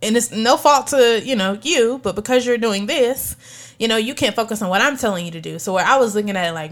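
A woman's voice: fairly high pitch, fairly quick. A woman on a faith podcast, speaking in a candid, reflective way about her job.

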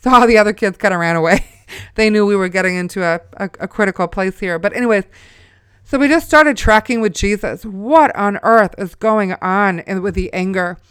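A woman in her forties tells a family story as a testimony, talking the way she would to a friend while dropping in preacher-like asides. Her voice is exceptionally smooth and resonant. It is recorded close and dry, with no room sound. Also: mid-range voice, moderate pace, fairly bright tone, dry recording. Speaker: mother sharing a testimony. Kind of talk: spoken testimony.

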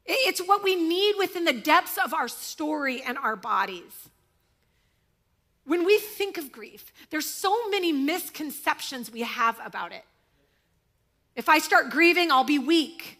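Bright high-voiced woman pastor preaching. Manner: storytelling, acting out quotes, conversational. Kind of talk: sermon.

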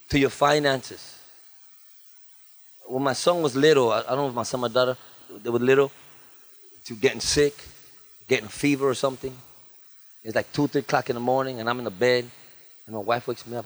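Animated pastor preaching with wide swings. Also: male voice, normal speed, long pauses. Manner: animated, swings from loud and high to soft and low; humorous asides, repeats phrases in a chant. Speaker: guest pastor. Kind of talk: lively sermon. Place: church.

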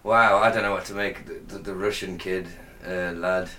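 A man's voice: low-pitched, fairly even intonation, normal speed, bright, forceful tone. A British man co-hosting a podcast, playful and cheeky, laughing a lot and trailing off mid-thought. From Britain. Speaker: podcast co-host. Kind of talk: casual banter.

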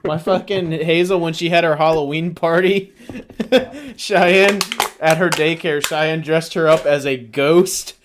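A man's voice: a little high, fairly even intonation, a little slow, slight background noise. A young man from the southern United States in casual chat, joking crudely and swearing a lot.

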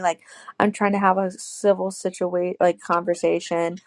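Brief: twenties woman, low-ish creaky voice, dry close sound, animated storyteller. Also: normal speed, no room sound. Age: 20s. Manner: animated storyteller, acts out quotes, many "like"s. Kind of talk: casual chat, telling a personal story.

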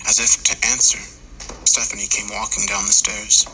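A man narrating a horror story in the first person with a steady, grim delivery. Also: on the low side, normal speed, a little hiss or hum, poor audio. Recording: loud music underneath.

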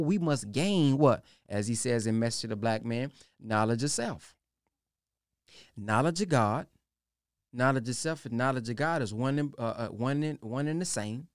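Animated male preacher, dry sound. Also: no room sound. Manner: emphatic, rhetorical questions, pitch swinging widely. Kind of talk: sermon.

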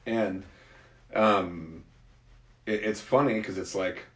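A man with a slightly low voice chats in a loose, rambling, opinionated way. His voice carries a roomy echo, as if recorded in an open room. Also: slow pace, fairly bright tone. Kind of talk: casual conversation.

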